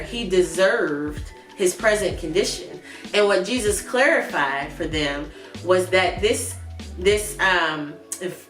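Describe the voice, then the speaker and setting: Woman teaching a Bible lesson, roomy. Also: mid-range voice. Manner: earnest, warm laughs at asides, talks directly to viewers. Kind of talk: conversational Sunday school lesson. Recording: roomy, from a distance, with soft music behind. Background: faint background music.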